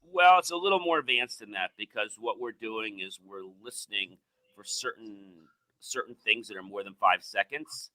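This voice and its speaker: A podcast host with a low but strikingly bright, forceful tone. He tells stories in a casual chat, slipping into other people's voices to make a point. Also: normal speed, poor audio. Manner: animated storyteller, acts out quoted voices.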